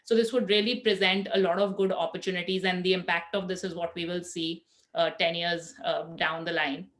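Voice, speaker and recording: A woman's voice: fairly low pitch, little pitch movement, fairly quick, fairly bright tone. A woman panelist giving closing remarks in a thoughtful, hesitant way with many fillers.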